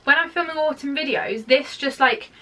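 A woman's voice: sits high, moderate pace, sharp tone, distant mic. A young British woman vlogging a try-on haul at home, rambling and chatty with lots of filler words. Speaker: fashion vlogger. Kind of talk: casual try-on haul chat. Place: home office.

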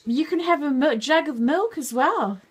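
A woman's voice: high-pitched, lively intonation, moderate pace. A woman patiently naming pictures in a book with a toddler, praising each answer. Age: adult. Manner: patient, praising, sing-song. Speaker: parent teaching a toddler.

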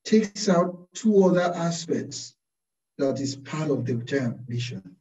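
A man, a Carmelite priest, preaching a slow, deliberate sermon full of rhetorical questions. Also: on the high side, expressive, warm tone. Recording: distant, roomy, dull-sounding recording.

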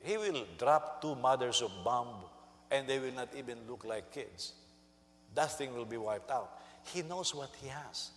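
A male senior pastor preaching a sermon, animated and storytelling, who jumps into high voices to act out quotes. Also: long reverb tail.

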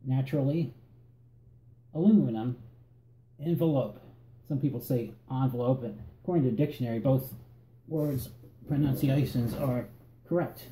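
Deep-toned Northern Virginia man, echoey room. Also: slight background noise. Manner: relaxed, halting, repeats words. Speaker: vlogger. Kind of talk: reading an accent tag word list.

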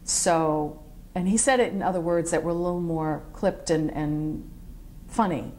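Speaking a little slowly in a lowish voice, a middle-aged military veteran shares memories of her service for an oral history, with a faint hiss or hum on the recording. Her stories are lively and wandering, and she performs the quotes of others.

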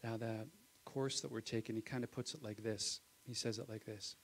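A male pastor preaching a live Sunday sermon in church, swinging from loud exclamations to hushed asides and calling "Amen?" to the congregation. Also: on the low side, fairly even intonation, normal speed, low-quality recording. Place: church sanctuary.

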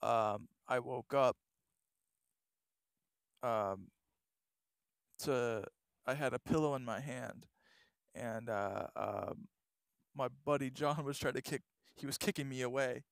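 Young guy, casual vlog storyteller, rambly with lots of fillers; clean, smooth voice, dry close sound. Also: medium pitch, slow pace, pauses often, no room sound. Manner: rambling, many fillers and restarts. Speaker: vlogger.

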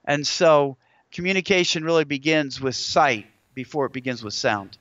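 A man's voice: on the high side, lively intonation, normal speed, fairly bright tone, dull audio. A middle-aged man, an author and guest in an interview, speaking in an earnest, preacherly way and telling stories with quoted scripture. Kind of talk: interview conversation.

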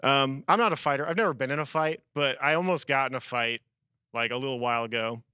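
A man's voice: mid-range voice, fast, clean tone, no room sound. A man giving a casual youth sermon, telling stories and dropping "man" into nearly every sentence. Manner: peppers sentences with "man", animated storyteller. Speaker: youth speaker.

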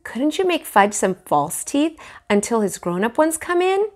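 A woman's voice: on the high side, big pitch swings, unhurried, darkish tone, pitched above the performer's own voice. A woman voicing a wry ten-year-old boy, a big brother with a dry, knowing manner, reading a storybook aloud.

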